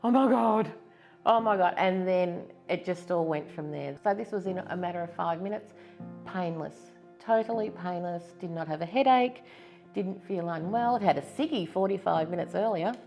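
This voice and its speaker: Woman, 50s, Australian accent, gravelly, candid testimonial. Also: on the low side, normal speed, dark tone, faint music behind. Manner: candid, earnest, reflective. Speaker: stroke survivor giving testimony. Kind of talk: personal testimonial interview.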